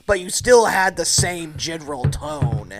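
Blunt, high-voiced male podcast co-host. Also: animated, measured pace, music in the background. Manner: blunt, swears freely. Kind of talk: casual chat.

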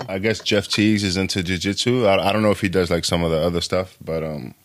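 Co-host man, very low voice, hesitant and halting delivery. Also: steady tone. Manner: halting, hesitant, many ums. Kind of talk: casual podcast chat.

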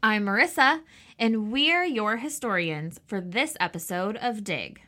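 A woman's voice: mid-range voice, animated, a little slow, pushed and bright. A woman co-hosting a history podcast, narrating in a chatty way with lots of fillers. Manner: chatty, laughs easily, filler-heavy. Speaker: podcast co-host.

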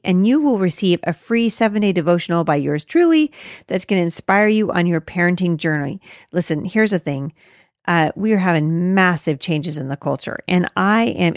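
A woman's voice: on the low side, dry recording, clean studio sound. A middle-aged woman hosting a faith-based motherhood talk, speaking earnestly and with animation, often restarting her sentences. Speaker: podcast host.

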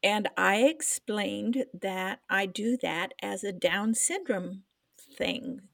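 A woman's voice: mid-range voice, very animated, takes it slowly, vocal fry, fairly bright tone, no room sound. An older woman, a podcast co-host, telling an emotional personal story in casual chat, trying to hold back tears.

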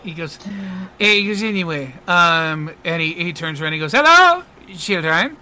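A man's voice: fairly high pitch, steady tone, brisk, pushed and bright, slight background noise. A man narrating casually as game master of a tabletop game, with frequent fillers.

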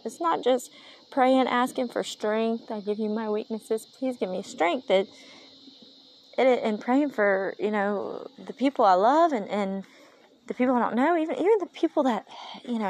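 A woman's voice: fairly high pitch, darkish tone, slight background noise. A tired woman talking through an emotional, rambling podcast monologue with a Valley Girl-ish lilt, recorded on a handheld phone as she paces a yard at night. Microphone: handheld phone while pacing.

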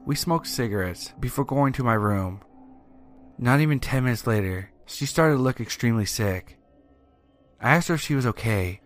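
A man narrating a first-person horror story in a steady, even storytelling manner. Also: on the low side. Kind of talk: scripted narration. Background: faint music.

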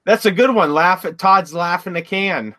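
A man with a somewhat raised voice trades dry, teasing quips in a relaxed chat. He co-hosts and adds bits of trivia between his partner's stories. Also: sits high, moderate pace. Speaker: podcast co-host and blogger. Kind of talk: casual chat.

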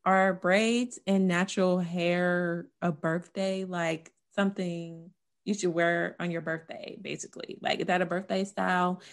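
A woman's voice: fairly low pitch, fairly even intonation, measured pace. Joking, profane young North Carolina woman. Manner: loose, profane, joking banter. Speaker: podcast co-host. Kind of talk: casual chat.

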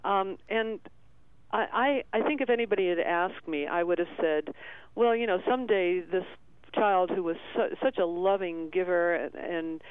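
A man calling in to a radio show, telling a personal story in a halting, tearful way with many restarts. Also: high voice, clean tone, dry recording. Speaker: caller. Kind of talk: emotional call-in storytelling. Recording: tinny phone line.

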